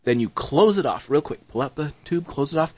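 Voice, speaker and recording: A man's voice: on the high side, lively intonation, brisk. A man in a casual chat, playfully explaining a prank step by step. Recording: dry, dull lo-fi sound.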